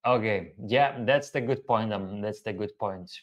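A man's voice: fairly low pitch, unhurried. A man hosting a casual live Q&A, talking earnestly and repeating key phrases for emphasis. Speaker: host.

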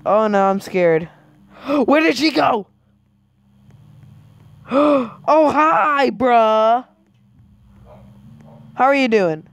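A woman playing a scary maze game, gasping and yelling at the characters on screen. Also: on the high side, lively intonation, drawn-out words, creaky, long pauses, no echo. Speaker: gamer. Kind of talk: game commentary.

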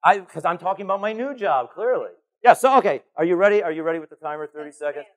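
Lively man giving a keynote. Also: high-pitched, fast talker. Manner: animated, calling to the crowd, playful. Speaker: keynote speaker. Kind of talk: conference keynote talk. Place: conference hall stage.

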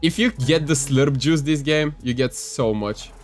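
A young man in casual gameplay commentary, excitable and joking, with playful exclamations. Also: mid-range voice, a little slow, faint music behind. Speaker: gaming youtuber.

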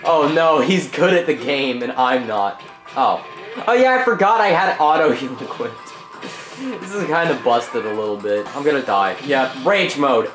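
A young man giving profane, jokey commentary over a fighting game, often yelling and swearing at his opponents. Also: mid-range voice, lively intonation, normal speed. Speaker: gaming YouTuber. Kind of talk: gameplay commentary. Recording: roomy room echo, game music behind. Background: game music.

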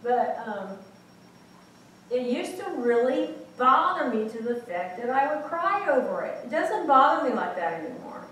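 A woman's voice: sits high, very animated, measured pace, a bit bright, a little hiss or hum. A woman preaching a sermon in a small church, speaking candidly and personally, with many restarts. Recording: very echoey church room from far off.

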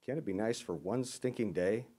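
Grumpy storybook chimp, male, low and dark-toned grumble, read by a man. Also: moderate pace, slightly rough. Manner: grumbling, sighing.

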